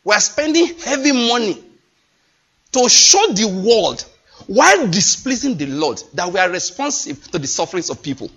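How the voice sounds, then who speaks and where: A man's voice: sits high, very animated, fairly quick, few pauses, a bit bright, breathy edge. A man preaching a sermon, impassioned and emphatic, repeating his phrases. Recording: dull lo-fi recording.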